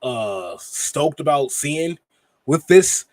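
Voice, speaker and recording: High-voiced animated man co-hosting a podcast. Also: dry recording, clean studio sound. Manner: animated, quick laughs and self-interruptions. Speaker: podcast co-host. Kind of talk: casual wrestling reaction chat.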